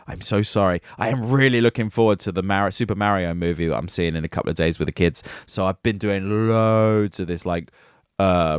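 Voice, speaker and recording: A man's voice: low voice, smooth, no echo, clean studio sound. A man hosting a podcast, giving theatrical, sarcastic solo commentary on tech news. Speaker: podcast host.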